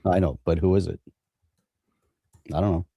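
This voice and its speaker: A man's voice: deep voice, steady tone, normal speed, vocal fry, warm tone, husky, dry recording, studio quality. A man co-hosting a casual chat, asking questions and nodding along with brief agreements. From United States. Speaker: co-host.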